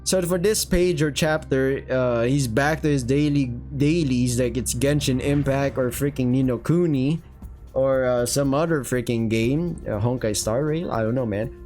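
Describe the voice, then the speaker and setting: A man's voice: mid-range voice, moderate pace, a little mellow. A young man reads a manga aloud, rambling through the panels with casual swearing and plenty of "uh"s. He talks from a room at home while faint guitar music plays behind him. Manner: rambling, profane, with filler words. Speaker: manga reviewer. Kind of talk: casual manga read-along commentary.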